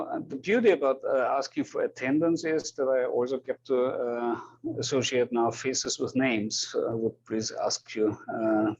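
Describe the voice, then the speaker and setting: A man's voice: mid-range voice, a little mellow, husky. A man with an Austrian German accent, a university lecturer taking questions and calling the roll in class, hesitant and apologetic, often repeating words. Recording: dull lo-fi classroom recording.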